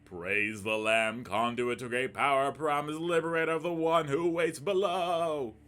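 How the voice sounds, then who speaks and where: A man's voice: on the high side, measured pace, fairly bright tone, voice pushed up. A man putting on a solemn, declamatory prophetic voice to read a game's opening lines.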